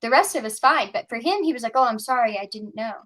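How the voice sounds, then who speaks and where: A woman chatting casually on a live stream panel, telling an animated story and acting out what others said. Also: a little high, fast talker, a little hiss or hum. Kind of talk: casual chat.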